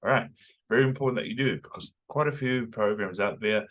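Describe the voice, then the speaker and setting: A man's voice: lowish voice, a little fast, fairly bright tone. A man from New Zealand with a New Zealand accent, teaching a casual online language lesson and having the learner repeat phrases after him. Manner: chatty, loose, repeats phrases for the learner to echo.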